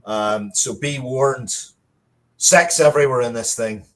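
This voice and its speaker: A man's voice: mid-range voice, unhurried, fairly bright tone. A man producing an audio drama, chatting casually and rambling, stopping often with fillers and restarts. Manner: rambling, hesitant, with many fillers. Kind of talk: casual live-stream chat.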